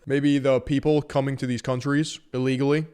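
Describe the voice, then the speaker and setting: A man streams his reaction to protest footage in loose, casual talk. His voice sits at an ordinary middle pitch. He stays wry and mocking and laughs at what he sees. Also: flat delivery, moderate pace, darkish tone, clear, resonant tone.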